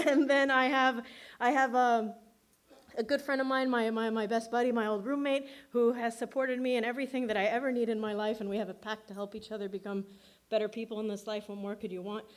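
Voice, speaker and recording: A woman with a somewhat high voice gives an award acceptance speech. She talks in a loose, chatty way, full of filler words, and laughs at herself often. Her tone is self-deprecating. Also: flat delivery, brisk.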